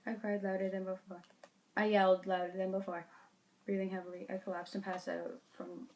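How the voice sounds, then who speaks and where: A woman's voice: medium pitch, little pitch movement, a little mellow. Woman reading her own story aloud. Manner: earnest, halting reading with small slips. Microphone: phone mic.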